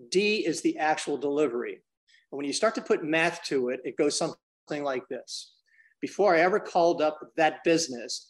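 A man as a podcast guest, explaining business ideas energetically and acting out little dialogues. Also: a little high. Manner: energetic, acts out dialogues in different voices; addresses the host by name often. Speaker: business consultant and trainer.

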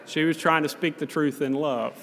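A man's voice: on the high side, fairly even intonation, normal speed, a bit bright, slight background noise. A male pastor, preaching a sermon in a folksy, conversational storytelling way. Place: church sanctuary. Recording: long reverb of a church hall.

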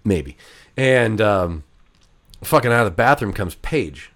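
A man telling a long story to friends on a casual chat show, swearing freely and jumping into high voices when quoting people. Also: slow, long pauses. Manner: animated, profane, jumps into high voices for quoted people. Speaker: podcast regular telling a story.

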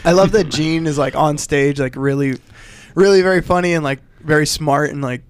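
A man's voice: fairly high pitch, normal speed, smooth. A man co-hosting a comedy podcast who talks eagerly in casual banter, full of filler words. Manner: enthusiastic, filler-heavy. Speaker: podcast co-host.

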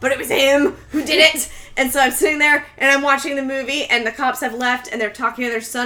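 Bright-voiced woman dramatically retelling a film. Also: sits high, level tone, fast, hardly any pauses. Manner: chatty, dramatic storyteller. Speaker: podcast co-host. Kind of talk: casual movie recap.

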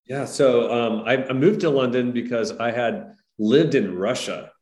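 A middle-aged man from the United States, a guest entrepreneur, telling stories in a relaxed, friendly way with "um" and "you know". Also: mid-range voice, measured pace. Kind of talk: podcast interview. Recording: echoey room.

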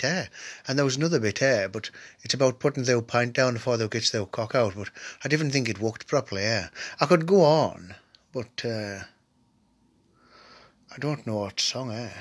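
A man's voice: medium pitch, moderate pace, long pauses, fairly bright tone. A man with a Cumbrian accent, who has a cold, rambling crudely as the host of a comedy podcast and often trailing off into mutters. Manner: swearing, dialect-heavy, trails off into mutters. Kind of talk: rambling crude comic monologue.

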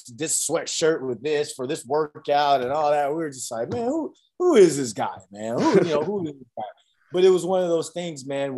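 Animated male football storyteller. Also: mid-range voice. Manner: animated storyteller, acts out quotes, many fillers. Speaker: former college football player, interview guest. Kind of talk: casual storytelling interview.

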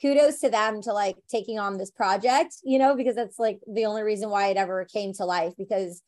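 A woman actress talking through an interview in a chatty, animated way. She leans on "like" and "you know" as she tells her stories, at an ordinary middle pitch for a woman. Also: brisk. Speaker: actress guest. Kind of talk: conversational interview.

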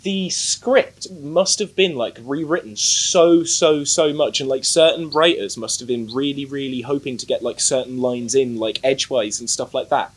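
A man chatting casually about a film, rambling with lots of fillers and swearing, animated. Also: mid-range voice, moderate pace, few pauses. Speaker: podcast co-host. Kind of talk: casual film-review chat.

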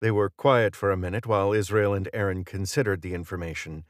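A man narrating an audiobook in a steady, even storytelling manner. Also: sits low, brisk, no room sound, clean studio sound.

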